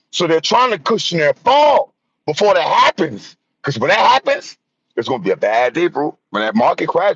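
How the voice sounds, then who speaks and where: A man with delivers a preachy live-stream rant straight to his viewers. His voice sits a bit high, with a bright and forceful edge. The audio is dry and somewhat dull. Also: husky, no echo. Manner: preachy, addresses viewers directly with repeated "right?" and "bro". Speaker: vlogger commenting on news. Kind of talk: casual live-stream commentary.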